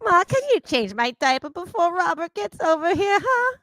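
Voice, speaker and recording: A woman's voice: extremely high pitch, very animated, normal speed, fairly bright tone, no room sound, pitched above the performer's own voice, full character voice. A woman voicing a whiny young girl who keeps begging and nagging her mother. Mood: pleading. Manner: pleading, nagging.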